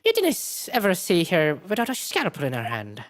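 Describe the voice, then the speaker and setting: A woman's voice: lowish voice, wildly swooping pitch, a little fast, slight background noise. A woman voicing a curt, grudging Scottish man with a put-on Scottish accent, reading his game lines in a clipped, grumbling way. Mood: gruff. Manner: clipped, grumbling dialect delivery.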